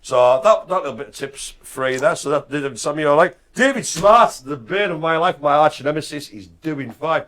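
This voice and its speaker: A man's voice: a little high, normal speed, few pauses. A man co-hosting a casual live stream, bantering and joking. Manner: jokey, lively banter. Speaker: co-host.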